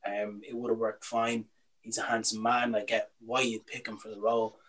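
A man's voice: lowish voice, little pitch movement, normal speed, a bit bright, rough recording. A young Irish man co-hosting a casual podcast, opinionated and ranting, with some swearing. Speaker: podcast co-host.

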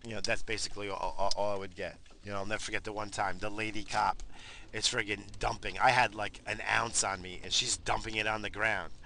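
A man's voice: on the low side, steady tone, fairly quick, creaky, sharp tone, a little hiss or hum. A middle-aged man from New York, rambling casually and profanely in his car, laughing as he tells stories. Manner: profane, laid-back, laughing storyteller. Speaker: vlogger. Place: parked car.

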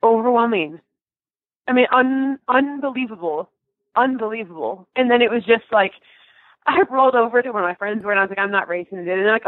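A young woman telling a story in a casual interview, animated and emotional, with many restarts and laughs. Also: mid-range voice, fast, dry recording. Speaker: guest. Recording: dry, tinny phone-like line.

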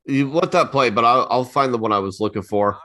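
A man co-hosting a casual podcast chat, easygoing and quick to laugh. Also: mid-range voice, bright, forceful tone. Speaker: podcast co-host.

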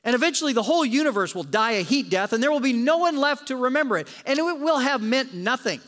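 Animated male pastor in a reverberant hall. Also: extremely high pitch, quick pace. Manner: animated, dramatic storytelling with joking asides. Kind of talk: sermon.

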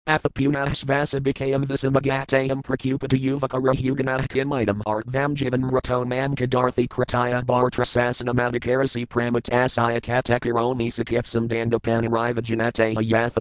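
A man reading scripture aloud in a steady, measured recitation of verses and word glosses. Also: medium pitch, dry recording, poor audio. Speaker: reader.

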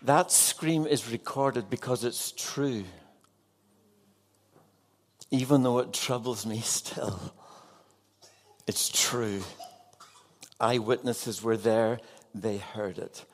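A man's voice: medium pitch, slow, long pauses. A man preaching an evening sermon as a pastor, earnest and putting direct questions to his congregation.

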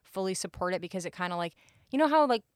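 A woman's voice: mid-range voice, animated, fast talker, clear, resonant tone, no room sound, studio quality. A young woman co-hosting a podcast, recapping a movie in casual chat, full of "like" and acted-out quotes. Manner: chatty, fillers of "like", acts out quotes. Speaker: podcast co-host.

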